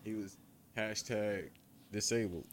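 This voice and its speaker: A man's voice: fairly low pitch, fairly even intonation, a little slow. A man co-hosting a casual chat, joking around in slangy banter.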